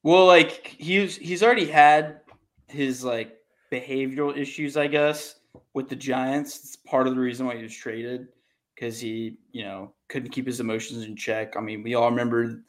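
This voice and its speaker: A man's voice: medium pitch, fairly even intonation, normal speed. A young man in casual sports chat, laid-back and hesitant, with many fillers.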